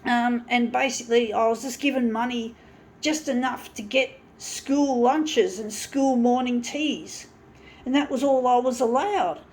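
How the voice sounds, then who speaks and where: Blunt, high-voiced woman ranting to viewers. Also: unhurried, darkish tone, slight background noise. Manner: blunt and profane, rambling with many restarts; bitter and aggrieved. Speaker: vlogger talking to viewers. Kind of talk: casual personal monologue.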